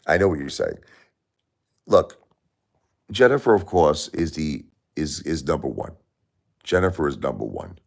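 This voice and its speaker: A middle-aged livestream host speaks directly to his chat about his grief, growing heated and indignant when angered. His bass voice is creaky with big pitch swings, measured in pace with long pauses.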